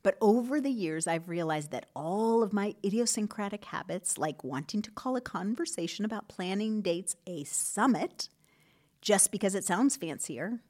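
Expressive woman hosting a podcast. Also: medium pitch, moderate pace. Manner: earnest and expressive, dropping to soft asides. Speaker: podcast host. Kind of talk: scripted relationship advice talk.

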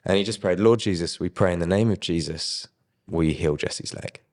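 Deep-voiced young man telling a story. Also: moderate pace, long reverb tail. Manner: lively retelling with quoted dialogue and chuckles. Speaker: guest sharing his faith testimony. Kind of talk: casual personal storytelling.

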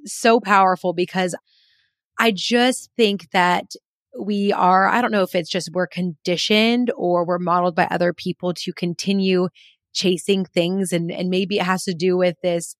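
Lower-voiced woman podcast host. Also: fairly even intonation, a little slow, no room sound, clean studio sound. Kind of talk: interview.

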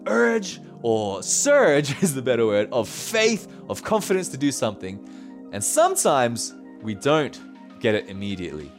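A male pastor preaching in a relaxed, conversational way and laughing often. His voice sits a little high and swings widely in pitch, with soft music faint in the background. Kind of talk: sermon.

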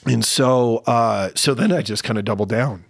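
A middle-aged man telling a personal story in conversation, candid and halting, at times close to tears. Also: medium pitch, gravelly, slightly rough, no echo. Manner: candid, halting, gets emotional. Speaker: podcast guest.

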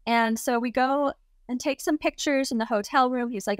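A woman's voice: on the high side, moderate pace, clear, resonant tone, dry recording, clean studio sound. A young adult woman, a guest on an interview show, telling a personal story casually and filling it with lots of "like". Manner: chatty, heavy use of "like" fillers.

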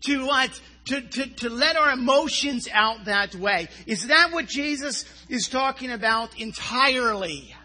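High, bright-voiced preacher man. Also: breathy edge. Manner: asks rhetorical questions and answers them himself; stumbles and repeats words. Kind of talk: sermon.

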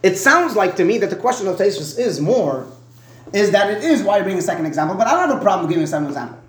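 A man's voice: high voice, big pitch swings, very fast, reverberant. A man teaching a Talmud lesson. He stops and starts, repeats words and often asks "right?".

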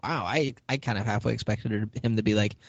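A podcast host with a low, creaky voice recaps a TV episode at a quick pace, chatting casually. He retells it with energy, acting out the characters' lines and laughing. The sound is lo-fi with no echo.

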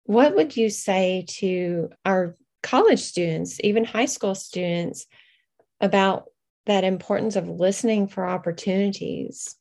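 Slow, mellow-voiced woman host. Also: medium pitch, creaky. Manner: slow, measured and reflective. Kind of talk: reflective interview talk.

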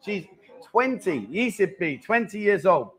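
A man's voice: high voice, big pitch swings, takes it slowly, fairly bright tone. A man in his fifties hosting a live chat show, joking and teasing guests and viewers in casual banter. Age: 50s.

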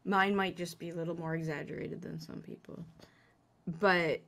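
A middle-aged woman, a business coach, talking in a lively, self-deprecating way with frequent laughs in a conversational interview. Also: on the low side, normal speed, creaky.

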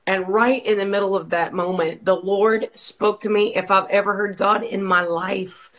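A woman's voice: medium pitch, fairly even intonation, moderate pace, a bit bright, poor audio. A woman from Georgia tells the story of her ministry with fervent, sermon-like emphasis. Her voice sits in a middle register. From Georgia, USA. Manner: passionate, preacherly emphasis. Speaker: worship leader and ministry co-founder. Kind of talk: fervent testimony in an interview.

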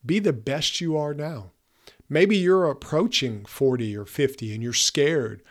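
Speaking at a measured pace in a fairly high voice, this man in his fifties hosts a podcast. He addresses listeners directly with an earnest, emphatic message meant to motivate.

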